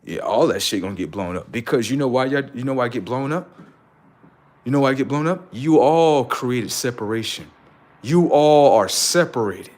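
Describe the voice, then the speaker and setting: Animated, profane man ranting on a livestream. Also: medium pitch, normal speed. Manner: animated, profane, preachy, rising to shouts. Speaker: livestream host. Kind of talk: unscripted livestream rant.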